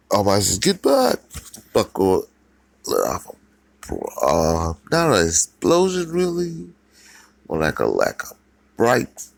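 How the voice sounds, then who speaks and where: A man's voice: lowish voice, gravelly, dry recording. A man narrating a fan story in a casual, rambling way with fillers and restarts.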